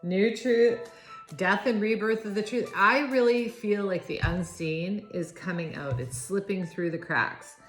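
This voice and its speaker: A woman giving a spontaneous tarot reading, awed and halting, with frequent sighs and restarts. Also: mid-range voice, soft background music. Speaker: tarot reader. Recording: roomy echo with faint noise.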